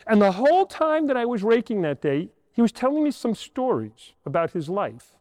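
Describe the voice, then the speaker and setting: A man's voice: high-pitched, big pitch swings, normal speed, darkish tone, no echo, big-room sound. A man in his sixties, a priest, telling a story in a homily to children and asking them rhetorical questions. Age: 60s. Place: church.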